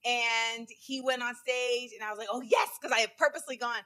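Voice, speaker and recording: A woman comedian chats as a podcast guest with a bright, forward tone. She tells stories quickly and loosely, full of fillers and asides. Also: a little high, fairly even intonation. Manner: quick, chatty storytelling with many fillers. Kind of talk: casual interview chat.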